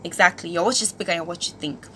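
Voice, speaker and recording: A woman's voice: on the low side, fast talker, a bit bright, slight background noise. A woman from Nigeria hosting her own channel, giving an emphatic motivational talk full of rhetorical questions. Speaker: host.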